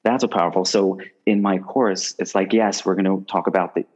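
Low-voiced man speaking on a muffled line. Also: brisk. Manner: rambling, restarts phrases often, animated when telling stories. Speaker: guest medium. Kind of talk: casual conversational interview.

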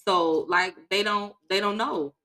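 Blunt, bright-voiced woman telling stories. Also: medium pitch, unhurried. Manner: blunt, profane storytelling. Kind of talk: casual chat.

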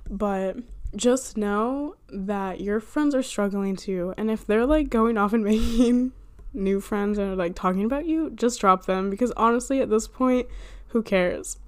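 A woman's voice: medium pitch, measured pace. A young woman hosting a casual solo podcast, rambling and self-deprecating, with frequent laughs and filler words. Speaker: podcast host. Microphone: handheld or desk microphone she bumps.

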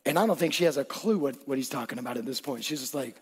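A man's voice: mid-range voice, fast, slightly rough, in a large hall. A man preaching a conversational sermon, acting out what people in the story say. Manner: conversational, animated, acts out quotes. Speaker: pastor.

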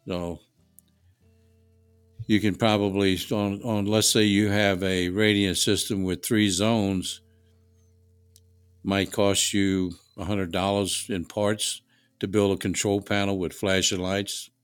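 A man's voice: fairly low pitch, level tone, slow pace, pauses often, clear, resonant tone, dry recording, soft background music. An older man with a New Orleans accent, a guest swapping folksy, rambling stories at a dining table. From Louisiana. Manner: folksy, rambling, repeats words. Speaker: guest, HVAC tradesman. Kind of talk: casual storytelling chat. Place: family dining table, indoors.

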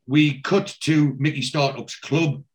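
A man's voice: fairly high pitch, steady tone, slow. A man, casually recapping a TV episode as a podcast host, telling it in a rambling way with many fillers.

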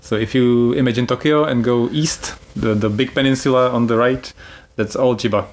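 A man's voice: medium pitch, fairly even intonation, normal speed. A man hosting a casual travel podcast, explaining things in a chatty way and laughing easily. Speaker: podcast host.

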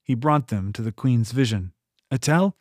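Guy reading a fantasy novel aloud, steady, dry close sound, mid pitch. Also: normal speed, no echo. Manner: steady storytelling delivery. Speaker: audiobook narrator. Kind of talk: scripted narration.

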